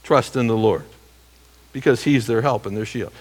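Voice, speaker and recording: A man's voice: medium pitch, moderate pace. A man preaching an expository sermon, reading verses aloud and asking the listeners rhetorical questions. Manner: emphatic, rhetorical questions, reads scripture aloud.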